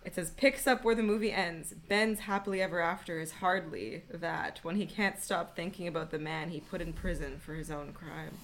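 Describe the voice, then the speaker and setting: A woman in her late twenties chatting casually on a podcast. She is excitable and self-mocking, and she reads things aloud. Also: on the low side, normal speed, few pauses, a little hiss or hum, low-quality recording. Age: late 20s. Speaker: podcast co-host. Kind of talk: casual chat.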